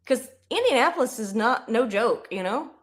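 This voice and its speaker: A young woman doing casual live play-by-play of a football game, chatty and rambling, bursting into excited yelling. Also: fairly high pitch, normal speed. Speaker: livestream host.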